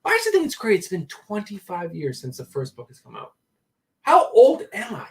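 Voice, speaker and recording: A man co-hosting a casual livestream, shouting out to viewers and chatting loosely. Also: high-pitched, a little fast, distant mic. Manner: animated, loud shout-outs to chat. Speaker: livestream co-host.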